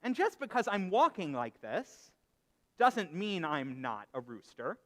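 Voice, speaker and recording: A man's voice: high-pitched, measured pace. A man voicing a patient, wise old man who acts like a rooster, told within a sermon. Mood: reasonable. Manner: calm, patient, gently reasoning. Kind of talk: storytelling in a sermon. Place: synagogue sanctuary. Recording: echoey hall reverb.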